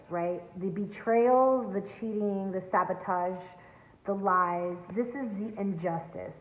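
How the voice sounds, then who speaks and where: A woman giving an earnest, emphatic tarot reading to her viewers from home. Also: mid-range voice. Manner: earnest, emphatic, spiritual coaching tone. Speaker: tarot reader. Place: home, near a backyard. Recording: echoey, tinny phone-like sound.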